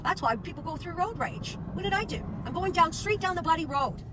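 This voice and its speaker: A woman's voice: very high-pitched, animated, a little fast. A woman venting in exasperation and swearing at honking drivers while driving, recorded on a distant phone in a car with traffic behind. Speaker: prank video subject. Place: in a car on the road. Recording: distant phone audio with loud traffic noise.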